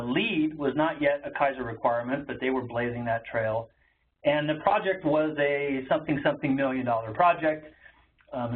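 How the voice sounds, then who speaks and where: A man giving an educational webinar presentation in a conversational way, with frequent ums and uhs. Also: mid-range voice. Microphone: webinar call audio. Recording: tinny phone-like webinar audio with faint noise.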